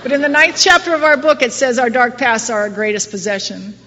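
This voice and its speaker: Sharp-toned, a little high and a little fast, a middle-aged woman addresses a recovery group in a meeting hall. Her personal talk is conversational, wry and self-deprecating, full of restarts, captured in a distant, muffled recording.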